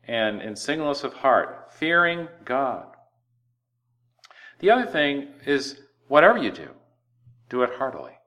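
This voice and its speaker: Guy preaching a sermon, mid voice, animated, slows way down on the big lines. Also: mid-range voice. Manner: animated preaching, slows words for emphasis and acts out quoted voices. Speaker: pastor.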